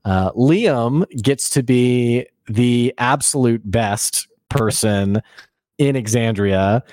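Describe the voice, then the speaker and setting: A man's voice: mid-range voice, takes it slowly, no room sound. Guy rambling through an episode recap, lots of ums, dry close sound. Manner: animated storytelling with fillers and laughs. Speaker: podcast co-host. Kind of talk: casual recap chat.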